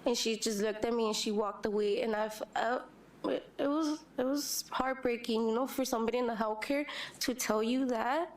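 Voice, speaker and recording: A young adult woman testifying at a public hearing, speaking haltingly with many fillers and restarts. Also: a little high. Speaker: hearing witness.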